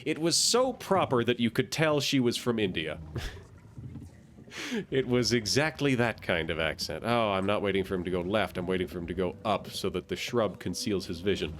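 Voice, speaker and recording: A man's voice: low voice, slight background noise. A male streamer giving casual, chatty gameplay commentary, musing and wry as he plays.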